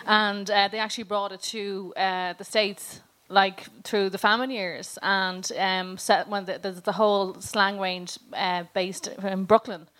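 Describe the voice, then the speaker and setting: A woman's voice: mid-range voice, fairly even intonation, measured pace, hardly any pauses, a bit bright, rough recording. An Irish woman, a panelist, explaining ideas in an enthusiastic, chatty way full of "you know" and "like". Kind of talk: panel discussion.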